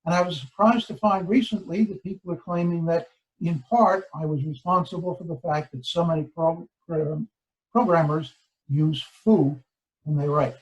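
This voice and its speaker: An older man, a law professor, giving a formal lecture, with deliberate pacing and stressed key words. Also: on the high side, muffled recording. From United States.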